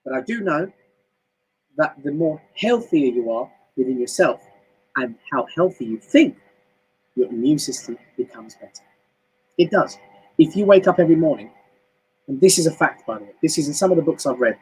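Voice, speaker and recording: A husky, fairly high-pitched British man talking on a home live stream. He gives a motivational talk in a chatty, animated way and keeps leaping up into high, emphatic exclamations. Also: normal speed, pauses often, rough recording. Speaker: motivational speaker. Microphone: home live stream mic.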